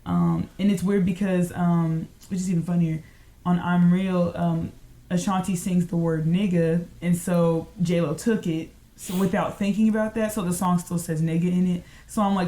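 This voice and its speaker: A woman's voice: lowish voice, fairly even intonation, moderate pace, warm tone. A young woman in casual chat, musing and storytelling with lots of "like" and "um". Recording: echoey room.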